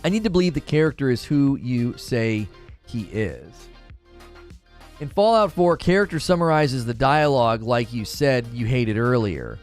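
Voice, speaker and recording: Animated opinionated male stream host. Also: normal speed, faint music behind. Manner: animated, opinionated, thinks aloud; briefly mimics cartoon voices in a high falsetto. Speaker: gaming news host reading live chat. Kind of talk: casual livestream commentary.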